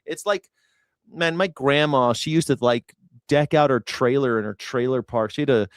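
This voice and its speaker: A man's voice: mid-range voice, moderate pace, clean tone, dry recording, studio quality. A man hosting a news reaction show, rambling in a casual, profane way and laughing often. He grew up in the United States. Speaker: host.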